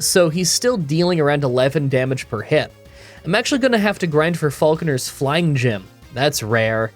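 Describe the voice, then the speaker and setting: In a slightly high, groggy morning voice with a stuffy nasal sound, a gaming YouTuber delivers scripted commentary for a game challenge video. He records in a booth, and his humor is dry and self-mocking.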